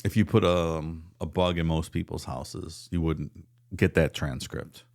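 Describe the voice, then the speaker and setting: A man's voice: very deep voice, fairly even intonation, measured pace, a little mellow. A man co-hosting a casual podcast, chatting in a laid-back, wry way about a case. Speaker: podcast co-host.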